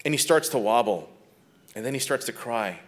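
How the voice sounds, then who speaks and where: A man teaching biblical counseling in a conversational lecture, often checking in with his listeners and speaking gently when he talks about compassion. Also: medium pitch, animated, normal speed. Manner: often checks in with a tag question "right?"; drops to a soft, gentle tone when describing compassion.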